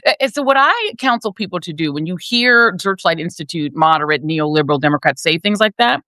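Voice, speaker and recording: A woman's voice: lively intonation, a little fast, bright, forceful tone, no echo, clean studio sound. A woman in her fifties giving emphatic, sardonic political commentary as a panel guest. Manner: emphatic, sardonic, swings between high and low.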